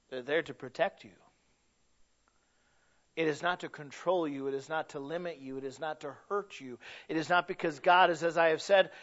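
A man preaching a sermon, telling stories and building to loud, emphatic points. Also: fairly high pitch. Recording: dull lo-fi recording.

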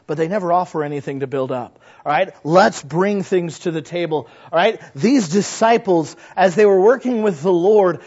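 A man with a fairly high voice preaches to his congregation in a relaxed, folksy manner, firing off rhetorical questions. The recording is dull and lo-fi. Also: husky. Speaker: pastor. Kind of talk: sermon.

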